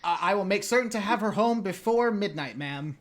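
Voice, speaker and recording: A woman's voice: mid-range voice, expressive, a little fast, pitched above the performer's own voice, lightly acted. A woman voicing a sweet, nervous sixteen-year-old boy who speaks earnestly and formally.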